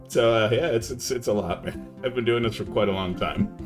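A young man chatting casually on a live gaming stream, laid-back and saying "man" a lot, yelling now and then at the game. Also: mid-range voice, fairly quick, soft background music.

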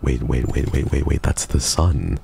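A man with an extremely deep, gravelly voice streams a game live. His tone is dark and mellow, and he talks casually to chat, swearing freely and cracking jokes. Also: normal speed, a little hiss or hum.

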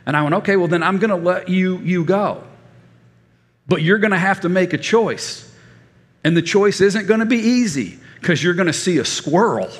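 A man in his fifties preaching a sermon as a folksy storyteller, animated and given to stammered restarts. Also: high-pitched. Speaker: pastor. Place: church sanctuary. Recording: reverberant church hall.

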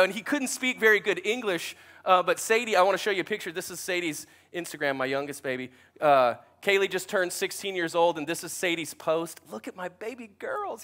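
Pastor, forties; animated storyteller with a lively, forward tone. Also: male voice, high-pitched. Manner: chatty, self-deprecating, animated storytelling. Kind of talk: sermon with storytelling.

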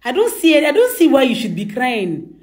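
A woman's voice: high voice, huge pitch swings, a little fast, darkish tone. A woman at home, coaxing and insistent, often laughing as she talks. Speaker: employer. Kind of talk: casual conversation. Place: home indoors.

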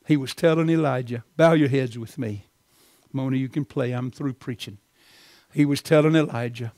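A man preaching a sermon from the pulpit, swinging from loud, impassioned lines to soft, quiet ones. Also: fairly high pitch, unhurried, pauses often, dry recording, studio quality. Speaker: pastor.

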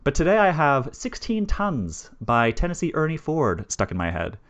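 A man's voice: fairly high pitch, huge pitch swings, normal speed, fairly bright tone. A man running a tabletop horror game, chatting casually and rambling with lots of fillers and restarts. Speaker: game master. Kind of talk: casual pre-show chat.

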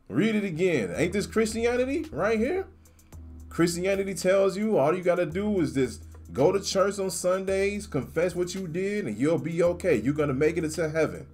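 A man's voice: fairly high pitch, animated, unhurried, soft background music. A man reading scripture aloud and commenting on it with emphatic, slangy asides, often tacking "man" onto his points. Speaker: scripture teacher.

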